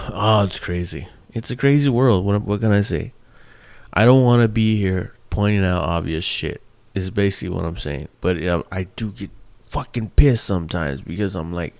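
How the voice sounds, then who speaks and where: A man's voice: low-pitched, normal speed, dry recording. A man hosting his own show, ranting in a rambling, profane, exasperated way with many restarts. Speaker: podcast host. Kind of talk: casual ranting monologue.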